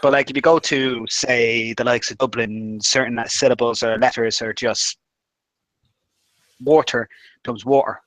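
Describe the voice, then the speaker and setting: A man's voice: mid-range voice, level tone, normal speed, few pauses, fairly bright tone, no room sound, low-quality recording. A man chatting casually as a livestream guest, making wry, self-deprecating remarks. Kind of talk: casual chat.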